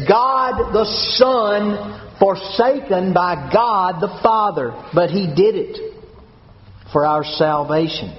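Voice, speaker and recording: A man preaching a sermon as pastor, with a measured, solemn and emphatic cadence. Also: high-pitched. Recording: dull sound with long hall reverb.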